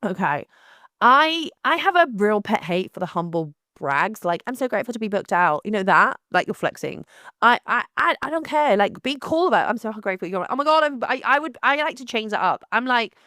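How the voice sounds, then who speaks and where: A young woman, hosting her own podcast in a blunt, animated, casual monologue with frequent restarts. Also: fairly high pitch, normal speed, no echo, studio quality.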